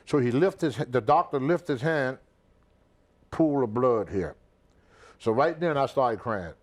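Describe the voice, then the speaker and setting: An older man, a retired pro wrestler, telling an animated story in an interview and acting out the voices of the people in it. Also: mid-range voice, measured pace, long pauses. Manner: animated, acts out everyone's voices.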